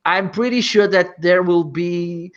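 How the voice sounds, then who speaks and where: Through muffled audio, a man from Portugal speaks in a high-pitched, unhurried voice during a casual group video call. He hesitates, hunts for words and restarts many times.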